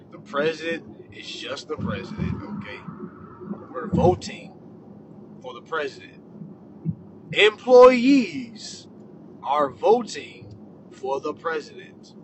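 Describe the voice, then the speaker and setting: A man ranting to his followers with profane comedy, swinging between shouting and low muttering. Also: background noise. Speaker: social media commentator. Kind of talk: profane comedic rant to camera.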